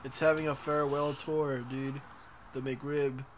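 A man's voice: mid-range voice, flat delivery, unhurried, a little hiss or hum. A young man co-hosting a podcast in casual, profane chat, laughing a lot and often restarting his sentences. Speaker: podcast co-host.

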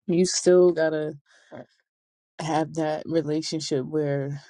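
A woman's voice: deep voice, steady tone, very slow, mellow, no room sound. A young adult woman vlogging, telling casual stories in a chatty, slangy way and laughing often. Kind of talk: casual storytelling to camera.

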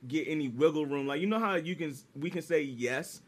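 A man's voice: on the high side, a little fast. A young man rambling through stories in casual podcast chat. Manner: rambling, animated storyteller.

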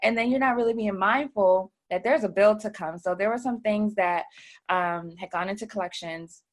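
A woman's voice: medium pitch, normal speed. A woman who runs a credit repair business, chatting as an interview guest and telling her story with many fillers. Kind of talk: casual interview talk.

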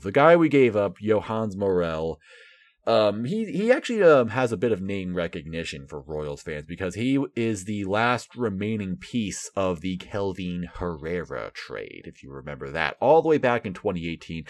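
A man hosting a casual solo baseball commentary podcast, talking sarcastically with mock excitement. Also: low voice, moderate pace, dry recording, studio quality. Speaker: podcast host and baseball fan.

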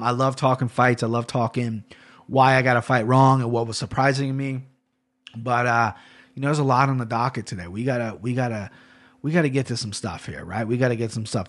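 Man, solo podcast host, casual chat, animated, swears a lot, rambling. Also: medium pitch.

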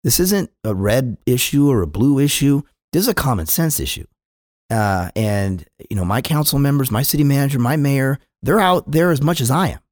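A man's voice: medium pitch, animated, moderate pace, no room sound, clean studio sound. A middle-aged man from California, a police chief answering podcast questions earnestly, often restarting and repeating words. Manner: earnest, repeats words when starting sentences.

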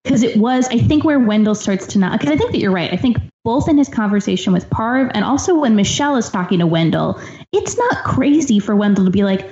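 A woman's voice: mid-range voice, expressive, a little fast, a little mellow. A woman co-hosting a casual podcast, thinking aloud with many restarts. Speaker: podcast co-host. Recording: echoey room, dull lo-fi mic.

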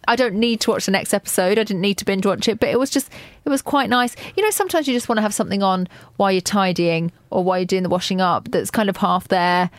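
A woman's voice: on the low side, no room sound. Lady co-host, chatty and bubbly, dry close mic. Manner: chatty, bubbly, laughs easily. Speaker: radio co-host. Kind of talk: casual chat and show links.

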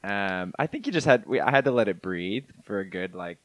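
A man's voice: lowish voice, animated, brisk, a bit bright, no echo. A man hosting a comedy podcast, chatting playfully and laughing along with his guest. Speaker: podcast host. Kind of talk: casual comedy chat.

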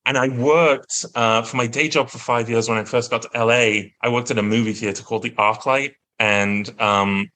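English guy, 30s, bright forceful voice, lively storyteller, casual interview guest. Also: medium pitch, moderate pace, few pauses, a little hiss or hum. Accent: neutral American-leaning English, native northern English. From England. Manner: animated storyteller, slips into playful character voices. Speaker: guest actor.

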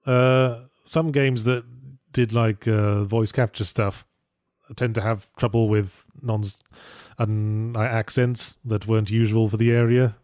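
A man's voice: on the low side, little pitch movement, slow pace, a little mellow, dry recording. A man co-hosting a podcast in casual chat, dry and sardonic. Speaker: podcast co-host.

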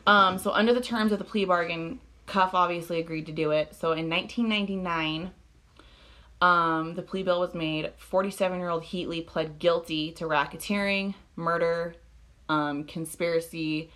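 A woman's voice: on the low side, steady tone, normal speed, a bit bright. A woman co-hosting a podcast, casually recounting a crime story with lots of fillers and frank swearing. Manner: filler-heavy, swears freely, laughs often. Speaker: podcast co-host. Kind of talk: casual true-crime chat.

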